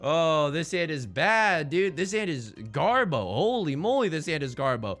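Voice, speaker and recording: A young man streaming a tile game, rambling and self-deprecating as he thinks out loud. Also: a little high, very animated, a little slow, few pauses, soft background music. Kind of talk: casual game commentary.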